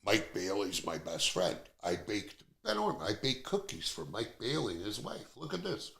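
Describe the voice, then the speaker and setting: A blunt, foul-mouthed man in middle age, talking with a gravelly rasp. His voice is bright and forceful, swinging all over in pitch as he rants through a casual podcast chat. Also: huge pitch swings, normal speed. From Canada. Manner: blunt, profane, ranting. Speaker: podcast host.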